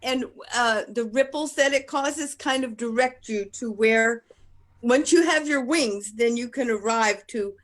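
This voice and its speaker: A woman's voice: a little high, measured pace, close to an everyday voice. A woman playing a patient but stern angel instructor in an improv scene, explaining in long, meandering turns. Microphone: video call.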